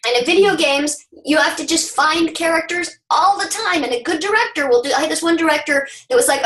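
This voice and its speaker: A woman voice actress from Southern California, upbeat, explaining her craft and jumping into quick voice demos in a casual webinar. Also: sits high, expressive, a bit bright. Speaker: voice actress and guest. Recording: roomy webinar audio.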